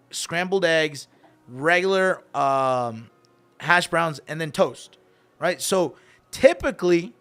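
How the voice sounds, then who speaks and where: Middle-aged male radio host, lively anecdote teller, voice a little on the high side. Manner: animated, acts out quoted voices, switches between English and Spanish. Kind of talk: casual storytelling.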